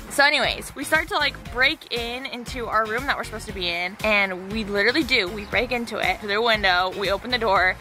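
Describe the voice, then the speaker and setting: Woman vlogger, casual storyteller, bright and a touch high, filler-heavy and exasperated. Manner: chatty, lots of "like" and "literally", exasperated storytelling. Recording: light background music.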